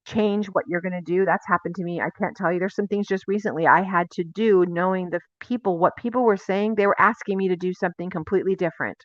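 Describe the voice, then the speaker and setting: A woman's voice: on the low side, fairly even intonation, fast talker, hardly any pauses, no room sound, dull audio. A woman teaching a casual, conversational sermon, often turning to ask her listeners questions. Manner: conversational, confessional, asks the audience questions. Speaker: teacher of a Messianic Bible teaching.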